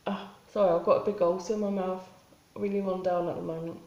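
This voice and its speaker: A woman talking in a spontaneous confessional vlog, halting and rambling with many restarts and fillers. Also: lowish voice, steady tone, dark tone, echoey room, dull audio. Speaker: vlogger.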